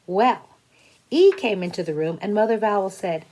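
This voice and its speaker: A woman teacher telling a silly story to young children in an expressive, animated way, with slow and deliberate speech. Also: mid-range voice.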